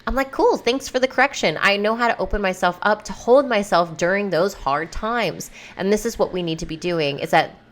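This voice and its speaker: A woman's voice: medium pitch, fairly quick, hardly any pauses. Candid, freewheeling woman podcaster. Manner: candid, rambling, swears freely. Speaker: podcast host and coach. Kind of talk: casual solo podcast monologue.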